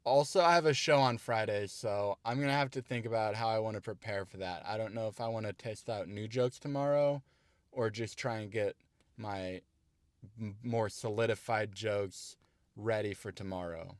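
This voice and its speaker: A man's voice: fairly low pitch, normal speed, no room sound. A male stand-up comedian recapping his set in a casual vlog, laid-back and profane, judging his own jokes.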